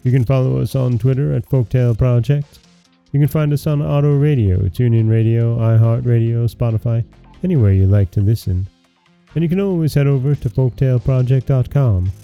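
A man hosting a podcast and reading a fairy tale aloud in a calm, measured narration. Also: mid-range voice, dull audio, soft background music. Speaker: podcast host and storyteller.

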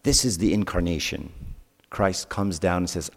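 A man's voice: low voice, normal speed, vocal fry, in a large hall. A man giving a sermon as a youth speaker, telling stories in a conversational way and asking his audience questions.

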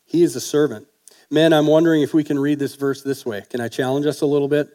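A man's voice: fairly high pitch, a little fast, dark tone. A man preaching a sermon on marriage, talking in a folksy, conversational way and asking the congregation questions.

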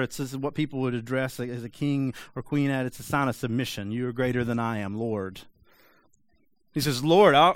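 A man preaching a sermon in a conversational, animated way with frequent rhetorical asides. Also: on the high side, no room sound. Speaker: pastor.

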